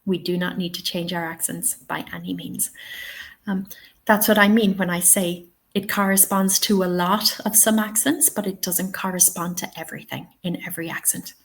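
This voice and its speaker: A woman's voice: on the low side, steady tone, moderate pace. A woman with an Irish accent teaching an online webinar for language teachers, patient and checking in often with her listeners. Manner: patient, checks in often with "okay" and "all right". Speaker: TEFL trainer.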